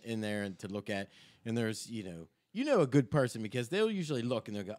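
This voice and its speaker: A man's voice: medium pitch, fast talker, no room sound. A man co-hosting a casual podcast, acting out what other people say. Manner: animated, acts out other people's lines.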